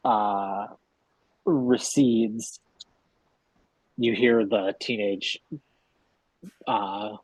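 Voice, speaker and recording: Slow, husky-voiced game master. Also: male voice, medium pitch, a little mellow, no room sound, poor audio. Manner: slow, hesitant narration with fillers. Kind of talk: narrating a tabletop game.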